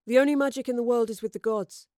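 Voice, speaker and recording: A woman's voice: a little high, brisk, no room sound. An earnest young Roman soldier, naive and eager to please, as a woman reading the story puts him on. He speaks sincerely and is recorded close and dry. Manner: earnest, easily flattered. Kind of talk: audiobook character voice.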